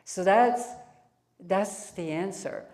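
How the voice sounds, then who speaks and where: A woman with a French accent, a spiritual teacher giving a satsang talk to a live audience, speaking in drawn-out phrases with frequent restarts. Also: medium pitch, a little mellow.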